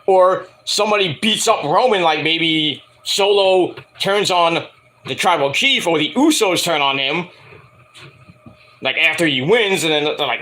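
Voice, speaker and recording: A man's voice: fairly high pitch, normal speed, pushed and bright. A man reviewing a wrestling show for his viewers, rambling and profane, with jokey asides. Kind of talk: casual rant to viewers.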